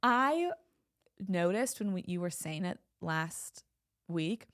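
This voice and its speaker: A woman's voice: on the low side, lively intonation, slow pace, no echo, studio quality. Woman with a slight lisp, playful co-host. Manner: playful teasing, laughs often. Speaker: podcast co-host. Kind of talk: casual chat.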